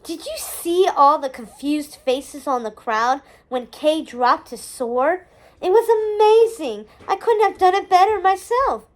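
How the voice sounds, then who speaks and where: Gleeful middle-aged witch mum, giddy and gushing, a bright high voice, put on by a woman reader. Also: animated, unhurried.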